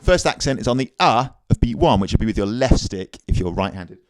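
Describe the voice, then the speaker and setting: A man giving a casual, upbeat drum lesson on video, chatting easily and counting rhythms out loud. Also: lowish voice, animated, brisk, faint music behind. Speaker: drum teacher. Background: drum kit playing.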